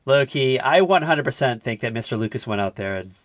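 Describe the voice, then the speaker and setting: A young man talks through a sitcom plot on a podcast, piling on fillers and bursting into animated asides. His voice sits in an ordinary middle range. The sound is dry and close, with no room around it. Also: mid-range voice, brisk, no room sound. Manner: chatty, filler-heavy, animated retelling. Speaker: podcast co-host. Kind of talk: casual recap chat.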